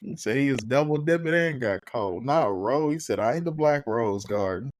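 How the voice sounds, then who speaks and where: A man's voice: mid-range voice, expressive, moderate pace, a little hiss or hum. A man co-hosting a podcast, dropping joking interjections in casual chat.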